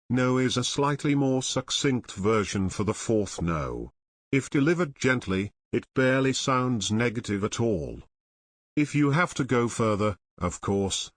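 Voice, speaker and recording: A man reads an audiobook summary in a measured, even way, his voice sitting in an ordinary middle register. The sound is dry and close, with no room around it. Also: medium pitch, no echo. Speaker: audiobook narrator. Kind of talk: scripted narration.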